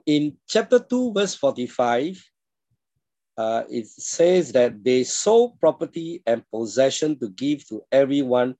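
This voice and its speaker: Pastor preaching a sermon. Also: male voice, mid-range voice, no room sound. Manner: steady teaching tone, frequent throat-clearing, rhetorical questions to listeners. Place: online church service.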